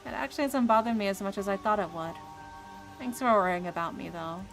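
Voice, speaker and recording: A woman's voice: medium pitch, quick pace, soft background music, lightly acted, rough recording. A woman voicing an earnest, troubled young man in a game, speaking seriously.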